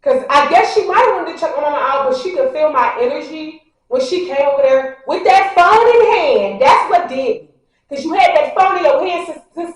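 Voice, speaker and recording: Woman vlogger talking to y'all, animated, does everyone's voices, high voice, super echoey, kinda far from the mic. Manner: animated, acts out what people said; talks straight to the audience, addressing them directly. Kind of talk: casual storytelling to viewers.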